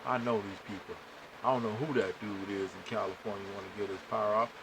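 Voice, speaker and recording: A man hosting a podcast, telling a story to listeners in an animated way and acting out the dialogue. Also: on the low side, fast talker, background noise. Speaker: podcast host.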